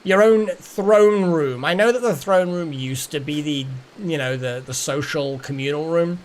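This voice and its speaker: A man's voice: a little high, a little slow, hardly any pauses, a little hiss or hum. A man streaming a game, rambling casually to his chat. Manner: rambling, chatty, talks to chat. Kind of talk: casual gameplay commentary.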